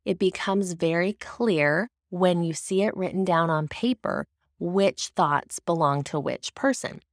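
A woman speaks in a somewhat low voice, earnest and explanatory as she teaches about faith. The recording is dry and close, with no room sound. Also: unhurried, no echo. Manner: earnest, explanatory, with occasional restarts. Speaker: devotional speaker. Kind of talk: faith-based teaching talk.

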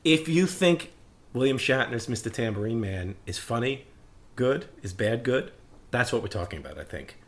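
A man co-hosting a casual chat, an animated storyteller who acts out quotes and laughs often. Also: mid-range voice, moderate pace. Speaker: podcast co-host.

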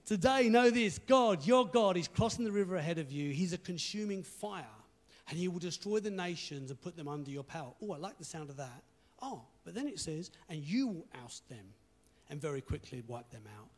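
Man, pastor preaching, encouraging and conversational, slightly high voice. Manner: conversational, encouraging, quotes scripture. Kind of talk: sermon.

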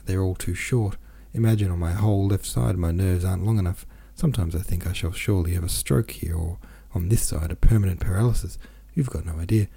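A man's voice: low voice, fairly quick, creaky, hardly any pauses, mellow, slightly rough, full character voice. A man voicing an anxious, self-pitying middle-aged merchant who rambles in a plaintive, restless way, in an audiobook reading. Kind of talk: audiobook character voice.

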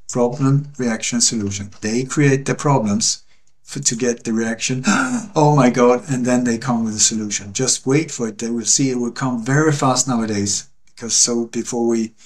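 Guy, earnest and emphatic, repeats stuff for weight, mid-pitch voice on a call. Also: normal speed. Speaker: interview guest. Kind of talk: passionate conversational monologue.

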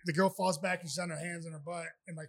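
A man who is a professional fighter, chatting as a podcast guest and telling rambling, animated anecdotes. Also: a little high, fast, gravelly, no room sound. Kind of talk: casual storytelling.

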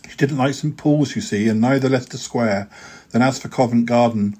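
A man's voice: mid-range voice, normal speed, a little mellow, slightly rough. A podcast host reading his own rhyming poems aloud in a rhythmic, sing-song way, with hesitant fillers when chatting.

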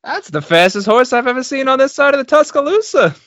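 A man's voice: very high voice, big pitch swings, fairly quick, fairly bright tone, no echo, pitched above the performer's own voice, exaggerated voice. A man doing a comic impression of a confused man calling a horse race in a folksy drawl. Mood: bewildered. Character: dim, bewildered man impression, race-announcer style. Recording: dry, slightly dull lo-fi recording.

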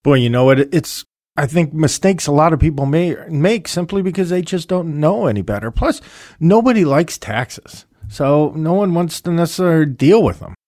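A man co-hosting a podcast as a financial advisor, talking in a relaxed, conversational way and explaining things plainly. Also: on the high side, moderate pace, no room sound, clean studio sound. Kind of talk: casual podcast chat.

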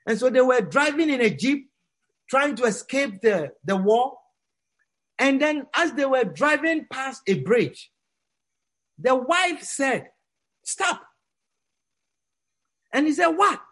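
A man preaching to a congregation, telling a story dramatically and acting out the characters' lines, dropping to a hush and then rising almost to a shout. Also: extremely high pitch, big pitch swings, measured pace. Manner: dramatic, swings from hushed to near-shouting; acts out quoted characters.

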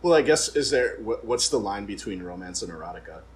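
A man's voice: fairly low pitch, lively intonation, fairly quick. A man co-hosting a podcast in casual chat, chiming in with curious questions. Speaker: podcast co-host.

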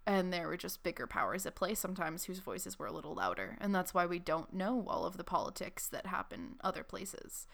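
A young woman co-hosting a podcast, chatting casually with quick asides and lots of "like". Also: lowish voice, sing-song, gravelly, a bit bright. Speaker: podcast co-host. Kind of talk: casual chat.

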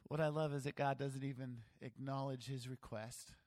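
A man preaching a sermon as pastor, animated, acting out voices and joking about himself. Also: mid-range voice, normal speed. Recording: long hall reverb.

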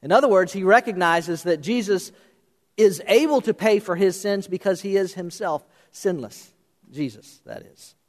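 Male pastor, high voice, sermon, loud then hushed, long church reverb. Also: normal speed. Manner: animated, swinging between raised emphasis and hushed intensity. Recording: long reverb of a large hall.

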